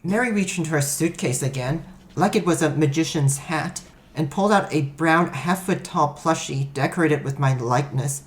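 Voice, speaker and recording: Low, deep-toned female narrator, dry matter-of-fact story reading. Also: normal speed. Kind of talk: first-person story narration.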